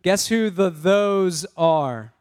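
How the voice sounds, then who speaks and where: High-voiced pastor calling for responses. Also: male voice, very slow, clean tone. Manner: energetic, call-and-response with congregation; casual, self-interrupting. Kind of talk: sermon.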